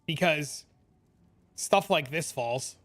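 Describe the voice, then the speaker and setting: A young man streaming a game, chatting casually, excitable and swearing freely as he reads chat aloud. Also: a little high, slow pace, faint music behind.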